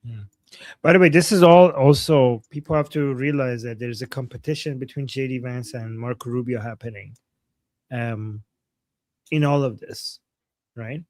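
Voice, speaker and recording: A man's voice: mid-range voice, normal speed, a little mellow, dry recording. Blunt, hesitant man talking politics. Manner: hesitant, restarts, blunt opinions. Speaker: political commentary co-host. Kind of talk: casual livestream opinion chat.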